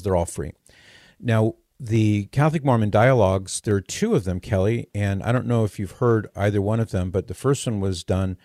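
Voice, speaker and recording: A man hosts a call-in radio program, easygoing and thoughtful as he answers callers. His voice sits low, recorded close and dry with no room sound. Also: dark tone, no room sound. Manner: thoughtful, measured, good-humored. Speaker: radio show host.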